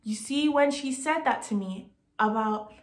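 Young woman on a storytime vlog, high-pitched, fired-up and indignant, swears often, roomy echo on the track. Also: unhurried. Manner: indignant, animated, swears freely. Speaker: vlogger telling a story. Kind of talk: casual storytime monologue.

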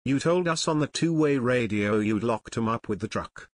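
A man's voice: mid-range voice, animated, moderate pace, no echo, natural voice. A man voicing a cocky male former guard who sneers and snaps at others, in an audiobook reading. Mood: sneering. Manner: sneering, snappish. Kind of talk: audiobook narration.

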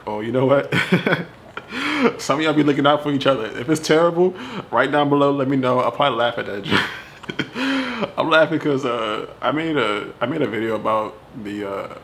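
A man doing a casual tech review vlog, animated and slangy, talking straight to his viewers. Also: medium pitch, fast, a little hiss or hum.

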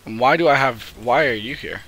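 A young man giving casual, excitable commentary while he plays a video game at home. He swears freely and calls out to his teammates. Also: medium pitch, fairly quick. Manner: excitable, swearing, laughing, talking to teammates on screen. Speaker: gamer streaming gameplay. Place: home, early morning, no camera.

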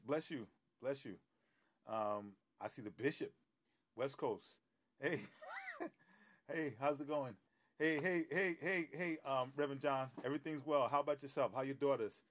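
A man's voice: medium pitch, measured pace, pauses often. Chatty pastor greeting his live-stream viewers. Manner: chatty, greets viewers by name, many fillers and laughs. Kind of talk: casual live-stream chat before a Bible teaching. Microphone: phone live stream.

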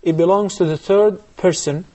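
A man teaching recitation rules on a TV lesson, explaining step by step and chanting verses slowly. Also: high voice, steady tone, warm tone. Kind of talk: televised recitation lesson with live callers.

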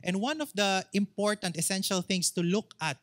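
A man's voice: sits high, normal speed, a bit bright. Filipino-accented male pastor preaching emphatically. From Philippines. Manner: switches between English and Tagalog, emphatic repetition. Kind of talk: sermon.

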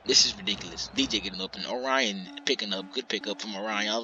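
A young man giving casual, excitable play-by-play commentary on a basketball game, swearing and trash-talking the players. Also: lowish voice, fast, few pauses. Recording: slightly muffled lo-fi audio, faint background noise.

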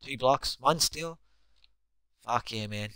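A man's voice: mid-range voice, slow pace, clean tone, no room sound. Young male gamer, heated, foul-mouthed live play-by-play, dry close mic, mid-range voice. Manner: excitable, swears constantly, shouts at teammates. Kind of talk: live gameplay commentary.

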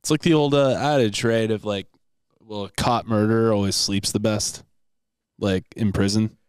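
A man's voice: fairly low pitch, steady tone, moderate pace, clear, resonant tone, no room sound. A man co-hosting a comedic podcast, chiming in with laid-back quips. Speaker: podcast co-host. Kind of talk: casual comedic chat.

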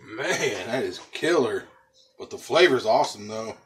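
Standing by a smoker outside, this barbecue channel host speaks at a measured pace in a lowish voice with lively intonation, with slight noise behind him. He's chatty and folksy, addressing viewers as folks and y'all, and keeps coughing from pepper rub.

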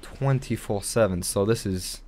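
A young man giving casual gameplay commentary, excitable and swearing, with sudden loud outbursts. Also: on the low side, measured pace, a crowd in the background. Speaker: gaming channel host.

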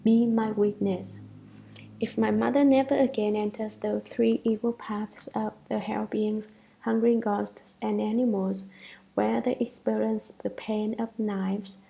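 A devout young woman pleads solemnly as she makes her vow, read by a woman. The voice is gravelly, with a mellow, dark warmth. Her manner stays earnest and reverent. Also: mid-range voice, level tone, unhurried, rough recording. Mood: solemn pleading.

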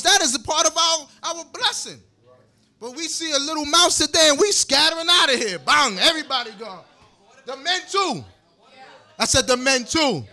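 A man preaching a sermon, animated and joking, breaking into laughs and repeating words as he goes. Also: extremely high pitch, normal speed. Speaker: congregation leader. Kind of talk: sermon with scripture commentary.

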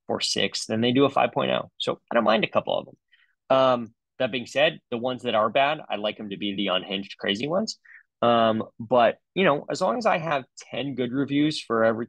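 A man's voice: mid-range voice, fairly bright tone, no echo, poor audio. A middle-aged man, a dentist, giving a comedic webinar talk in a sarcastic, joking way with loose fillers.

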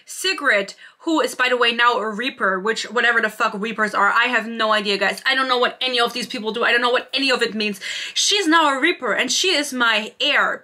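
Bright-voiced sarcastic young woman ranting. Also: on the high side. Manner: sarcastic, swears freely, mimics characters in quotes. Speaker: book reviewer. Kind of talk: casual book rant.

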